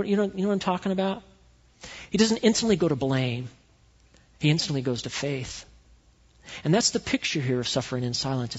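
Male pastor, sermon delivery, animated and storytelling, reverberant sanctuary with muffled recording. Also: mid-range voice, husky. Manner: animated storytelling, swings from loud to quiet. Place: church sanctuary. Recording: echoey hall, dull lo-fi sound.

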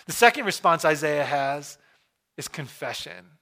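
Guy pastor preaching in church, kinda high voice, earnest, goes quiet for effect. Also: expressive. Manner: earnest, with dramatic hushed pauses. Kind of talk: sermon. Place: church room.

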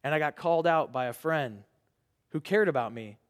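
A man preaching a sermon to young people, earnest and rhetorical, with dramatic pauses. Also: a little high, expressive. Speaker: pastor. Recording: reverberant hall.

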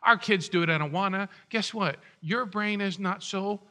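A man's voice: sits high, moderate pace, sharp tone. A middle-aged man preaching a sermon as pastor, conversational and joking with his congregation.

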